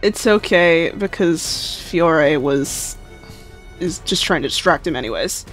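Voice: mid-range voice, lively intonation, takes it slowly, a bit bright, faint music behind. A player in a tabletop game who talks hesitantly, with many ums, thinking aloud about their character's actions. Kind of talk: casual tabletop play.

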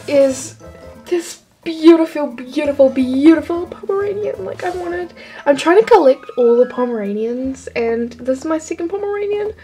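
A woman's voice: high-pitched, mellow, poor audio. A teenage girl vlogger gushing and rambling as she unboxes toy figures from a trade package. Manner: gushing, rambling, lots of "like" and "oh my gosh". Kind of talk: excited unboxing haul.

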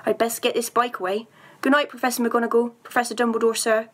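A woman reading aloud and voicing a huge, gruff, soft-hearted male giant groundskeeper who stammers when upset, in a storybook reading. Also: fairly high pitch, little pitch movement, quick pace, lightly acted.

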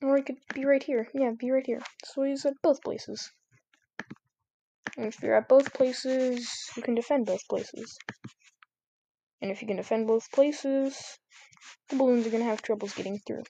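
A woman with a fairly high voice talks through her gameplay in a casual, chatty way. She turns excitable and repeats herself when the game gets tense. Faint mouse clicks and keyboard taps sit in the background. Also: normal speed, long pauses, slight background noise. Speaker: gameplay commentator.

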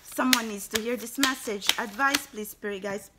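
A woman's voice: moderate pace, heavy background noise. A woman giving a spiritual tarot reading to her viewers, effusive and exclaiming, often addressing them as guys. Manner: gushing, rises into high excited bursts. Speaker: tarot card reader. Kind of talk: spiritual card reading to camera.

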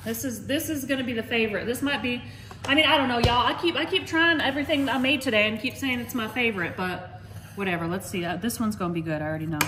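A fast-talking woman with a voice on the high side hosts a casual cooking demo in her home kitchen, chatting with viewers and calling them y'all. The kitchen sounds echoey, with faint noise.

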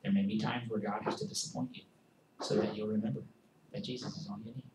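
A man preaching a sermon as pastor, swinging between forceful emphasis and hushed, quiet passages. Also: fairly low pitch, fairly even intonation, fast talker, roomy sound, background noise.

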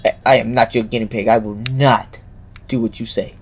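A man's voice: fairly low pitch, fairly even intonation, a little fast, a little hiss or hum. A young man playing a video game and commenting as he goes, joking and talking back at the characters. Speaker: gameplay commentator. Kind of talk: let's play commentary. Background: game music.

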